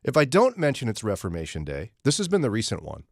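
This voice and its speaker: A male morning radio host with a lively, swooping delivery that jumps up whenever he mimics an outraged caller. He sits close to a studio microphone, and the sound is dry and clean. His talk is loose and chatty. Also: fairly low pitch, fast, creaky, no room sound. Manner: animated, mimics angry listeners in raised voices. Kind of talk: casual radio chat.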